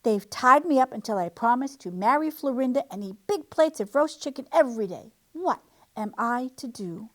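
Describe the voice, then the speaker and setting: Woman putting on cheeky small guinea pig, talks up high, bounces all over, tricks his way out. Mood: pleading. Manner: excited, pleading, quick-witted.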